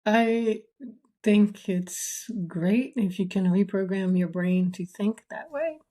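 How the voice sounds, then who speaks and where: Female co-host, medium pitch, casual thinking-aloud chat, lots of fillers. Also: slow, warm tone.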